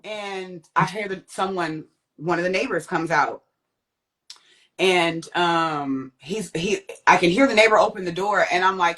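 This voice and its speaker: A young woman with a lowish voice recounts a personal ordeal as a guest. She tells it vividly, leaping up in pitch whenever she acts out what someone said. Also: measured pace, a bit bright. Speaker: guest sharing a testimony. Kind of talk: personal storytelling.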